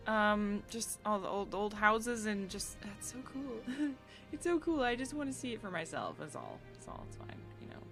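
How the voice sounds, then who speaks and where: A woman's voice: mid-range voice, big pitch swings, moderate pace, fairly bright tone. Bubbly giggly American woman streamer. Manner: bubbly, giggly, reads chat aloud and riffs. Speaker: streamer chatting with viewers. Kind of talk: casual live-stream chat. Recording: faint game music behind.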